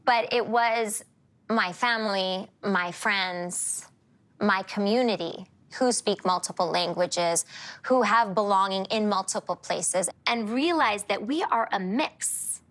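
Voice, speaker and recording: A woman's voice: medium pitch, takes it slowly, a bit bright. A woman in her forties speaking earnestly and reflectively in a confessional interview for a reality show. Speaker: reality show cast member.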